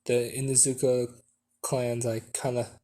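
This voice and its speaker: A man's voice: medium pitch, little pitch movement, dark tone, lightly acted. A man doing an earnest young ninja boy. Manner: halting, hesitant delivery.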